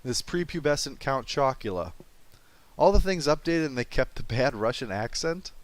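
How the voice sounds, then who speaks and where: A man's voice: medium pitch, expressive, normal speed, no echo. A man narrating a comedic game review, full of sarcastic wisecracks.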